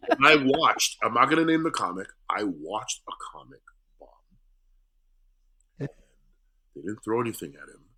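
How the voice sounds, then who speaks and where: A middle-aged male comedian telling stories in a casual interview, animated and acting out voices. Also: mid-range voice, normal speed, long pauses, breathy edge. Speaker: comedian guest.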